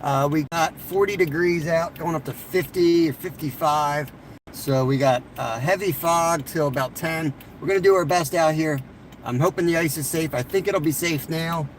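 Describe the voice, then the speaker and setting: A man's voice: a little high, moderate pace, slight background noise. A man hosting a live ice fishing stream outdoors by a lake, losing his voice, talking easily as he walks through his gear and plans. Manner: easygoing, explains gear as he sets up. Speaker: fishing channel host. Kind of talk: casual live-stream chat.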